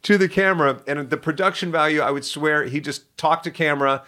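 A middle-aged man telling stories from his life as an interview guest, lively and self-deprecating with quick asides. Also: on the high side. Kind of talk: casual storytelling interview.

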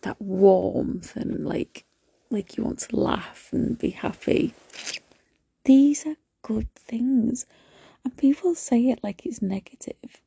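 A young woman hosting a casual solo podcast, talking softly and often slipping into a whisper. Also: on the high side, slow pace, gravelly, slightly rough, no echo. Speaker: podcast host.

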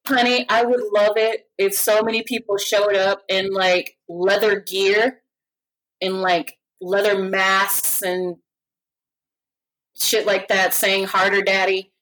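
A woman's voice: mid-range voice, fairly even intonation, slow pace, a bit bright, low-quality recording. A woman co-hosting a casual chat, blunt and frank with a teasing edge. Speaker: podcast co-host.

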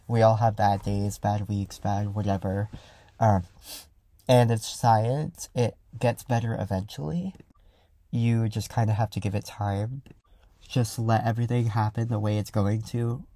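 Loud, rambling young man with a gravelly voice. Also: mid-range voice, dry recording. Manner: loud, rambling, filler-heavy, reflective. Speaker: podcast host. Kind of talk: casual solo podcast talk. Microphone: close studio mic.

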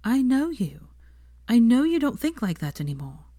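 A woman reads as a caring young woman, earnest and gentle, her lines soft and reassuring, lifted well above the reader's own low voice. It is recorded dry and close, with no room sound. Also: sing-song, normal speed, no room sound. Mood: tender. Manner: soft, reassuring, near whisper.

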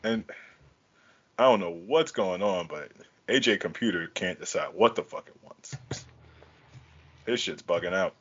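Podcast host, man, slangy and profane, lower voice, dull lo-fi call sound. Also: unhurried, pauses often, slight background noise. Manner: profane, slangy, animated storytelling. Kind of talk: casual chat.

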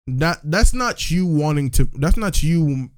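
Male podcast co-host, slightly high, very lively pitch, loose profane rants, dry close sound. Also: measured pace, clean tone, no room sound. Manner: profane, animated, incredulous ranting. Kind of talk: casual chat.

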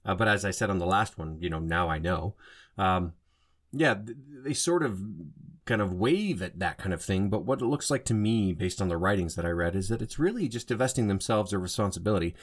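A man's voice: low-pitched, animated, fairly quick. A man hosting a solo podcast in a casual monologue, rambling and often stopping to rephrase and correct himself. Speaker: podcast host.

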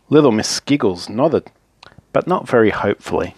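A man reading a children's story aloud in a gentle, expressive way. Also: fairly low pitch, moderate pace, breathy edge, no room sound.

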